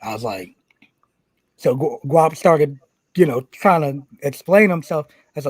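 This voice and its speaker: A man who is a pro wrestler telling a story on a podcast, animated and profane, acting out what people said. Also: a little high, a little slow, husky, dry recording. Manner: animated, profane, acts out quotes. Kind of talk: casual storytelling.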